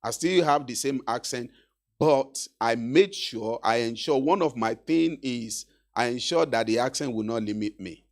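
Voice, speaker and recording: A middle-aged Nigerian man with a Yoruba accent speaks at a medium pitch and a measured pace. He is a graduation speaker delivering an encouraging, exhortative speech full of stories and asides to the audience.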